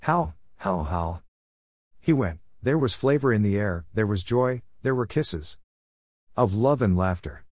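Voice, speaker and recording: A man's voice: lowish voice, expressive, a little slow, darkish tone, dry recording, studio quality. A man reading a comic story aloud as narrator, playfully voicing the characters' lines.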